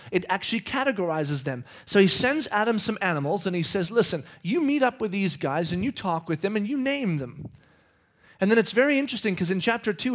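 A man preaching a sermon, telling the story with acted-out voices and swinging between loud bursts and hushed, near-whispered passages. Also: high-pitched. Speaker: pastor.

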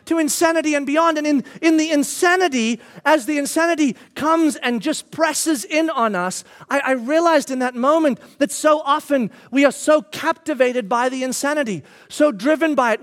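High-voiced animated man preaching. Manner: animated storytelling, acts out his own lines. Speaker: pastor. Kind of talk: sermon with personal story.

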